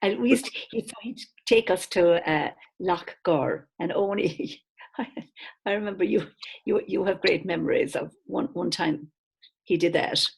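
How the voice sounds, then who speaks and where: An older Irish woman teaching informally to an online audience, lively and quick to laugh, calling her listeners lads. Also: lowish voice, vocal fry, husky. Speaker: teacher and singer of chants. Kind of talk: warm informal online talk.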